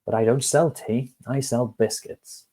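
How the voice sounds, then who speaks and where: A man voicing a jolly, kind and naive male baker in a storybook tale, asking puzzled, cheerful questions with a lifted pitch. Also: steady tone, unhurried, warm tone, close to an everyday voice.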